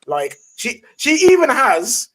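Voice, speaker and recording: A man's voice: very high-pitched, very animated, takes it slowly. A man hosting a casual football chat show, hyped and slangy. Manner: hyped, slangy, shout-outs. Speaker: host.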